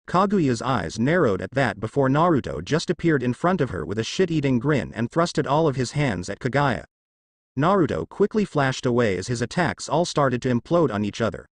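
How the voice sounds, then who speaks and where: A man's voice: medium pitch, no room sound, studio quality. A man reading fan fiction aloud as narrator, voicing every character in the same voice.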